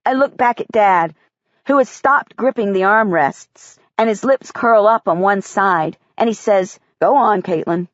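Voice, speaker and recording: A woman reading a first-person audiobook in a measured, quiet way. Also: medium pitch, dry recording, lo-fi sound. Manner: measured, quiet child's-eye telling. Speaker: audiobook narrator.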